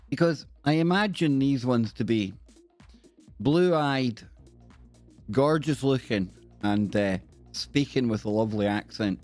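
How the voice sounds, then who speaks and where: A man chats casually on his live stream, joking and calling out viewers by name. His voice sits at a middling pitch. Soft music plays faintly in the background. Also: slow. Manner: chatty and jokey, shouting out viewers by name.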